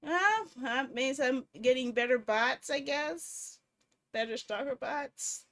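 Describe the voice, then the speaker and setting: This young woman's high-pitched voice moves at a slow pace as she streams a horror game. She comments casually and reads the story text aloud with animated humor.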